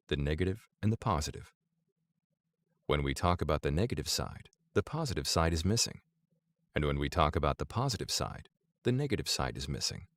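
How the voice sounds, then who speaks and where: A man narrating an audiobook in a measured, deliberate reading voice. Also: deep voice, dry recording.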